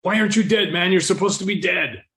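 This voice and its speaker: A man's voice: sits high, moderate pace, pushed and bright, pitched above the performer's own voice, exaggerated voice. A man re-enacting a panicked young male gunman who talks in frantic bursts while telling a story. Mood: rattled.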